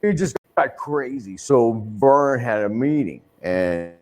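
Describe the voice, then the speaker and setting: A man's voice: medium pitch, animated, takes it slowly, darkish tone. Profane older man telling stories. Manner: profane, rambling, many restarts, swears freely. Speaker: wrestler telling a story in an interview. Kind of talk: anecdotal interview storytelling.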